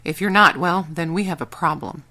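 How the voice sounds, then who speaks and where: A woman's voice: lowish voice, a little fast, bright, forceful tone. A woman voicing a tense, commanding male agent with a firm, clipped manner, in an audiobook.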